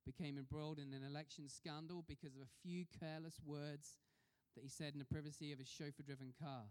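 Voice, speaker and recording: A man's voice: on the high side, fairly even intonation, fast talker, a little mellow, smooth. A man preaching a sermon in a conversational way, putting questions to the congregation. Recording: long reverb of a hall.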